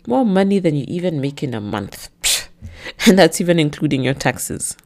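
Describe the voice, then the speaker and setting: A woman voicing a controlling, jealous man who speaks flat and cold, then bursts into shouts. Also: sits low, moderate pace. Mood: contemptuous.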